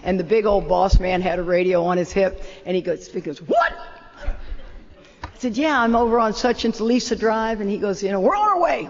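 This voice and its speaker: An older woman, an animated and self-deprecating storyteller, telling a long personal story as the opening speaker of a talk. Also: mid-range voice. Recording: muffled roomy hall.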